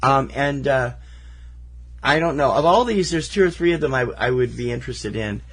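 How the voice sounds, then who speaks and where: A man's voice: mid-range voice, expressive, moderate pace, a bit bright, husky. A man co-hosting a casual film podcast, wry and teasing, rambling with fillers as he runs through festival titles. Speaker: podcast co-host.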